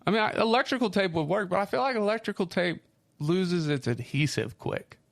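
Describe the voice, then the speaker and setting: A man with a Midwestern accent, co-hosting a casual podcast chat and telling rough stories, swearing freely. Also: high voice, fairly quick. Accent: Midwestern American. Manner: swearing storyteller, lively. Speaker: podcast co-host.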